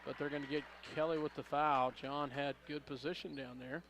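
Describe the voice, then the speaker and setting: A man's voice: on the high side, little pitch movement, a bit bright, a little hiss or hum. Man calling local basketball play-by-play. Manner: rapid play-by-play, rising on big plays, corrects himself. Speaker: play-by-play announcer. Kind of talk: local radio basketball commentary.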